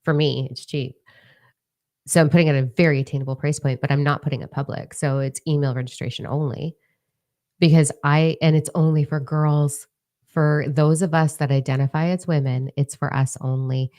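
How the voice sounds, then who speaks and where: A woman mentor talking casually to her followers in a livestream, blunt, profane and energetic. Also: sits low, moderate pace. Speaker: mentor and social media creator.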